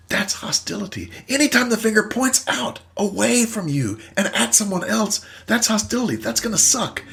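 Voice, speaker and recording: A man, a therapist and host, telling a story and explaining ideas in an emphatic, animated way. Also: sits high, moderate pace, gravelly. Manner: animated, emphatic, acts out voices. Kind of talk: storytelling and teaching talk.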